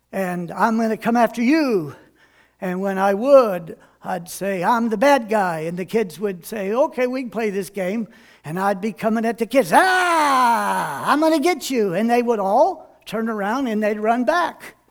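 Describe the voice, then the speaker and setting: A man preaching a sermon, animated, moving from slow and deliberate stretches to loud exhortation. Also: high voice.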